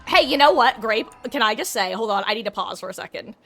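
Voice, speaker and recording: Bright-voiced woman streamer chatting. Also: fairly high pitch, animated, fast talker. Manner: rambling, candid, swears casually. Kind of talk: casual chat while gaming.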